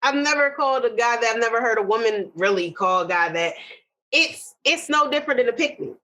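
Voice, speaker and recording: On a podcast, a female co-host rants with strong opinions and quick asides during casual chat. Her voice is a little high, pushed, and bright, and the audio quality is poor.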